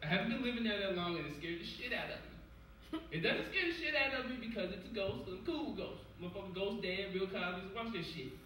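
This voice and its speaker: A young man from Cincinnati in his twenties doing a stand-up set, telling stories in a loud, profane, animated way. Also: high-pitched, fast talker, slight background noise. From Cincinnati, USA. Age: 20s. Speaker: stand-up comedian. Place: comedy club stage. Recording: echoey club, distant mic, loud crowd.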